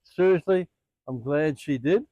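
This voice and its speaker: An older man who owns a sound healing center, telling animated stories in an interview. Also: fairly high pitch, measured pace, dry recording, highs cut off. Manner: animated anecdotes with quoted dialogue. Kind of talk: storytelling in an interview.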